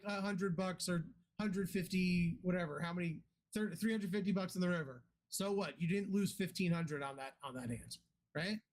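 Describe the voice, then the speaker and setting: A man coaching poker in a blunt, profane, animated way. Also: sits high. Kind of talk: casual coaching talk.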